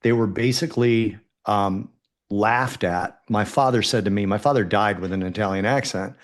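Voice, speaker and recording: Low-voiced, jokey storytelling man. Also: moderate pace. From United States. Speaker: podcast guest. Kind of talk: casual podcast conversation.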